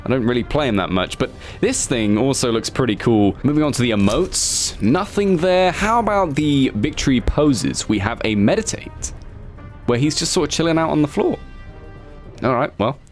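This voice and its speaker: A man giving casual, excitable commentary as a gaming YouTuber. He swears freely and jokingly scolds himself as he talks. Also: medium pitch, moderate pace, faint music behind.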